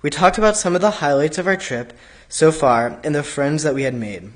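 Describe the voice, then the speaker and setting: A man reading a prepared reflection aloud at a service in a steady, even way. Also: fairly high pitch, brisk. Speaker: congregant giving a trip reflection.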